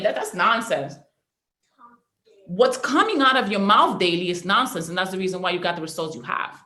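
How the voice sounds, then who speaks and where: A woman's voice: on the high side, very animated, moderate pace, long pauses, sharp tone, echoey room. A woman giving a preachy, emphatic motivational training talk as a network marketing leader, repeating herself for effect.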